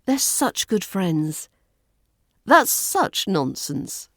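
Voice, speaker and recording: A British woman teaches English on her podcast. She speaks unhurriedly and very deliberately, in a clear teacher's voice. The recording is dry and close, with no room sound. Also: fairly low pitch, big pitch swings, no room sound. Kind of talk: podcast lesson.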